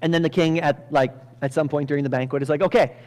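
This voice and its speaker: A male pastor telling a Bible story in a lively sermon, acting out the characters with sudden loud bursts and frequent laughter. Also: on the high side, fast. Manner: animated, acts out characters with sudden loud jumps, laughs often. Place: church.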